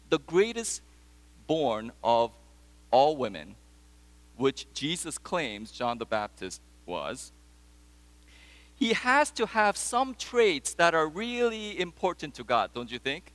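Slow, deliberate preacher in a reverberant hall. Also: male voice, a little high, very animated, a bit bright. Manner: storytelling, asks the congregation questions. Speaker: pastor. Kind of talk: sermon.

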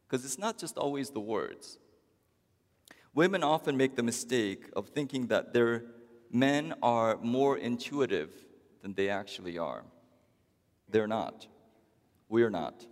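A man preaching a sermon as pastor, talking to the congregation in a wry, conversational way with long pauses. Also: mid-range voice. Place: church. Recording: long church reverb.

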